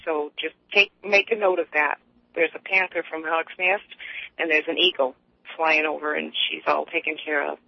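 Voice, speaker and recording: A woman's voice: deep voice, little pitch movement, normal speed, creaky, no room sound. A woman calling in to a radio show, telling long rambling stories with many restarts. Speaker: caller. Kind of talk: casual radio call-in chat. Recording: dull lo-fi line, dry.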